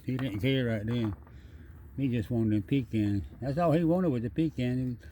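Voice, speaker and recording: At night outdoors, a wildlife video maker holds the camera and talks right to the animal in a chatty, repetitive vlog. He has a warm, mid-range voice at a moderate pace, with a little hiss or hum on the recording.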